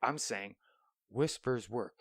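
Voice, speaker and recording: A man's voice: mid-range voice, slow, a bit bright, slightly rough, no echo. Young male podcast host, solo, profane storyteller who slips into whispers, dry small-room sound. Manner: profane, rambling, drops into whispers.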